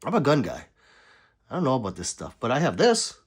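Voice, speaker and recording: Male streamer, husky tone, lively pitch, jokey chat-reading delivery. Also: a little fast. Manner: joking, banters with chat. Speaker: livestreamer. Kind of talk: casual livestream chat reading.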